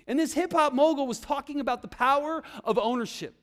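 A young man preaching to a youth group in a very high voice. He talks with energy, leads his listeners in call-and-response, and slows right down whenever he repeats a key line. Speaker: youth pastor. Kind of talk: sermon.

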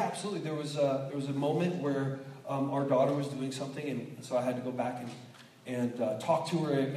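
A man's voice: on the high side, a little hiss or hum. A man preaching a sermon as a pastor, telling stories with acted quotes and frequent restarts. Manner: storytelling with lively acted quotes and many restarts. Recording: echoey hall, distant mic.

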